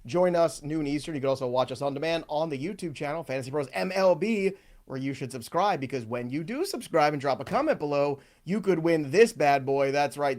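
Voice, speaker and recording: Upbeat male sports podcast host, slightly high voice, joking. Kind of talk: casual sports chat.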